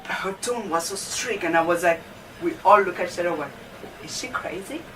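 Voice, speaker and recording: A woman's voice: on the low side, brisk. A young woman, a student, casually telling a story about her teachers, chatty and full of fillers like "you know". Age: young adult. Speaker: student vlogger. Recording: distant mic with faint background noise.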